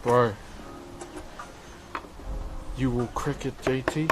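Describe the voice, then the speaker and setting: A man's voice: mid-range voice, fairly even intonation, drawn-out words, heavy background noise. A man from New Zealand with a New Zealand accent, chatting casually with viewers on a livestream while he carves, easygoing and laughing often, calling people brother. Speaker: livestreaming woodcarver.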